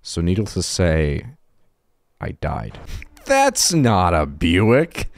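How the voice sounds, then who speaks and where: A man's voice: low voice, huge pitch swings, very slow, vocal fry. A young man giving casual, sweary, self-deprecating commentary while playing a video game, rambling and laughing at his own jokes. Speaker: gaming YouTuber.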